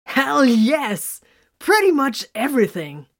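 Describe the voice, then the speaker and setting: Brief: woman reading as a coarse, loud jeering guard, storybook. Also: a little high, very animated, measured pace, voice pushed up, full character voice.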